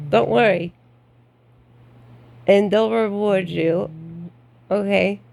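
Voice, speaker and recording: A woman's voice: medium pitch, drawn-out words, creaky, darkish tone. A middle-aged woman giving blunt career advice in a vlog, outspoken and frank, with laughing asides. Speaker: golf club membership adviser.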